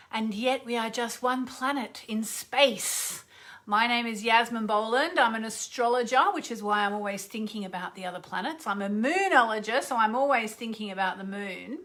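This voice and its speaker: A woman's voice: on the high side, moderate pace, a bit bright. A middle-aged woman, an astrologer and radio host, chatting casually with viewers on a livestream and greeting them by name.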